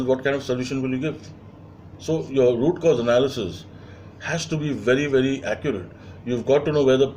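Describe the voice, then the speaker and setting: A man's voice: mid-range voice, a little mellow, a little hiss or hum. A man lecturing as a leadership trainer, emphatic and repeating key phrases, with frequent fillers.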